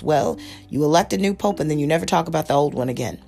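A woman with a notably low voice talks through a TV series on her podcast, rambling and correcting herself as she goes. Faint music plays underneath. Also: lively intonation, normal speed, vocal fry, darkish tone. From United States. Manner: rambling, lots of fillers and self-corrections. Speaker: podcast host. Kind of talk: casual rambling review.

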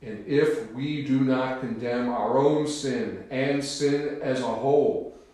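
A dark-toned, mid-range voice belongs to a man delivering a sermon in church, solemn and deliberate, pausing to give weight to key words. The recording has heavy echo.

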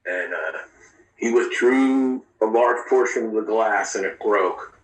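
A man recounting his own past in an interview, speaking candidly and haltingly, with frequent profanity and restarts. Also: fairly low pitch. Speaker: interview guest. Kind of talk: personal storytelling in a podcast interview. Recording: roomy, distant mic.

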